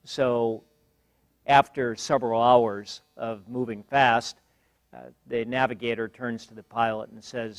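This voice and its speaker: An older man addresses a university class as guest speaker. He talks in a measured, dryly humorous way, stopping often to gather his words. The sound is close and dry, with little room echo. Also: mid-range voice, flat delivery. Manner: measured, wry, frequent pauses and fillers. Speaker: guest lecturer. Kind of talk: university lecture. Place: lecture hall.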